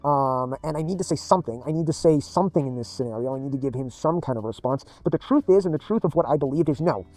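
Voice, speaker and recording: A man's voice: on the high side, animated, fast, darkish tone. Emphatic, swearing man telling a story. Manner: emphatic and repetitive, swears often. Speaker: gaming video creator. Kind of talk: rambling personal storytelling.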